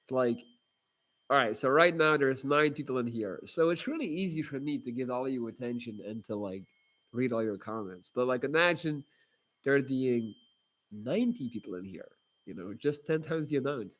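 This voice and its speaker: A man's voice: mid-range voice, expressive, normal speed, a bit bright. A man hosting a casual livestream, chatting with viewers in a rambling, blunt way with lots of fillers and restarts. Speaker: livestream host reading viewer comments.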